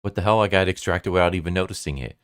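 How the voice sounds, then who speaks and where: A man's voice: very deep voice, animated, normal speed, no echo, studio quality. A man voicing a male demon who talks in a casual, teasing way. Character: mocking male demon, later sympathetic and chummy.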